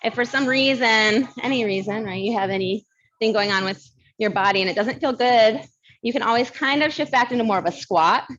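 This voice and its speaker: A woman teaching a barre class with a fairly high voice and a slight lisp. She talks in a chatty, friendly way, counting reps and laughing between cues. The recording sounds dull and lo-fi. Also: a little fast, fairly bright tone. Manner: mild lisp from new aligners. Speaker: barre fitness instructor. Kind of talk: live fitness class instruction.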